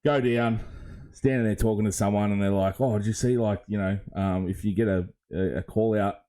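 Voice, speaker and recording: An Australian man with a low, warm voice tells a rambling story in casual chat. He chuckles along and slips into animated voices when he quotes people. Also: brisk. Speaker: podcast co-host.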